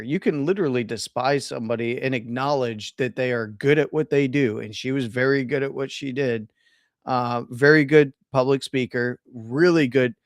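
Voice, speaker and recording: A man's voice: medium pitch, no room sound. Opinionated male co-host, dry close mic. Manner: opinionated, stammers and restarts, laughs easily. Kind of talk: casual live-stream chat.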